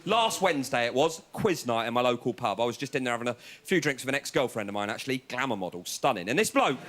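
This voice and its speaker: A man doing a stand-up comedy set, animated, acting out other people's voices. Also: fast, background noise. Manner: animated, acts out other voices, jumps into a much higher yelling pitch. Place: TV studio stage with a live audience. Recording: live TV studio with crowd laughter.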